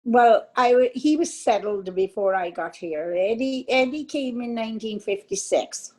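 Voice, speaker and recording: A woman's voice: a little high, normal speed, warm tone, low-quality recording. An older woman from Ireland, a dance teacher telling stories as an interview guest, chatty and laughing easily, often restarting her sentences. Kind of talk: casual storytelling in an interview.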